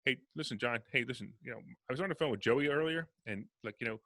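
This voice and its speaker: Fast-talking bright-voiced man. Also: mid-range voice, dry recording. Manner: fast, animated storyteller acting out dialogue. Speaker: real estate investor guest. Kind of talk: casual podcast interview.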